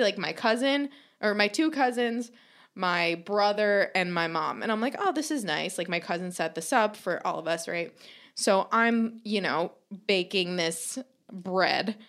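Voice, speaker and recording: A woman's voice: medium pitch, animated, normal speed, fairly bright tone. A young woman chatting casually on a podcast, telling a comic story, swearing freely and acting out quotes with lots of laughter. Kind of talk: casual comedic storytelling chat.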